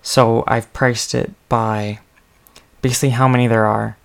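Slow, gravelly-voiced man musing aloud. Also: mid-range voice, little pitch movement. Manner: rambling, thinking aloud with many ums. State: sleepy, yawning. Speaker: podcast host. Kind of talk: casual solo podcast talk.

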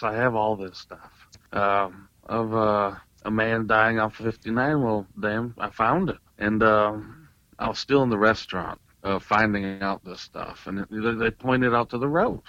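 Excitable man telling a story, dry sound. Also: lowish voice, unhurried, no room sound, dull audio. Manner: animated, excitable retelling with many fillers. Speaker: podcast guest, paranormal investigator and tattoo artist. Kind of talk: casual storytelling.

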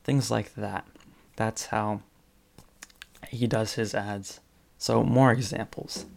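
In a fairly low, gravelly voice with fairly even intonation, a man slowly and casually retells funny stories for a spoken presentation. He fills in with fillers and chuckles between phrases.

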